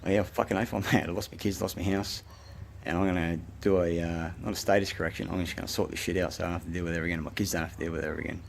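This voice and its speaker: A man with an Australian accent rants in a long, self-recorded monologue, swearing often and jumping from point to point. His voice sits very low, and a faint hiss runs underneath. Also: steady tone, rapid-fire, creaky, hardly any pauses. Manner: profane, agitated, rambling ranting. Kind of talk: rambling monologue.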